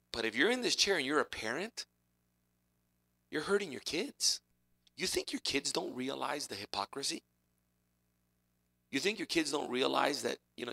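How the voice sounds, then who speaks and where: A man preaching a sermon in a lively, conversational way, using chairs as props to make his point. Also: medium pitch, gravelly. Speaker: pastor.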